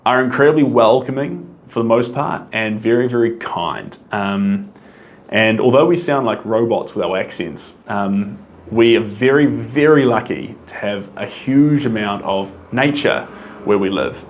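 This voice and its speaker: A man's voice: lowish voice, normal speed. A man with a New Zealand accent, an artist answering viewer questions in a casual live Q&A, reading questions out and replying off the cuff.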